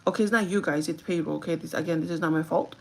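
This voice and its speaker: A young woman vlogger casually telling a story from her job, animated, acting out the quotes and swearing freely. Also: sits low, very fast, vocal fry.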